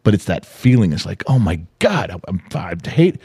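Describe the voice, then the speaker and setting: Older male podcast co-host, low dark voice, lively storyteller, dry close sound. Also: normal speed, husky, no echo. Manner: animated storytelling, acting out voices. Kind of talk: casual chat.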